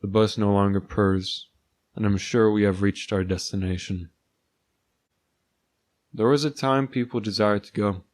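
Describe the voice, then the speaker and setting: Male storyteller, lowish voice, dry sardonic first-person read, very dry room. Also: fairly even intonation, a little slow, long pauses, a little mellow, no room sound. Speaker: narrator.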